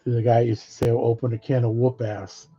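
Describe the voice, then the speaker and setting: A middle-aged man rambles through old memories in casual talk, cursing freely and chuckling now and then. His voice is dark and mellow at a middling pitch. The audio sounds dull and lo-fi. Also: level tone, moderate pace. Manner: rambling, swears freely, laughs between stories. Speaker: vlogger.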